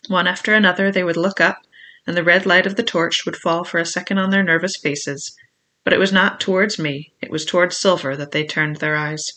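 A reader giving steady first-person audiobook narration of an adventure novel. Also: medium pitch, a little fast.

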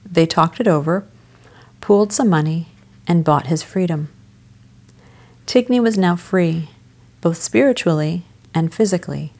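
A woman telling a devotional story as a dramatic sermon, measured and emphatic with a solemn delivery. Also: fairly low pitch, gravelly, darkish tone.

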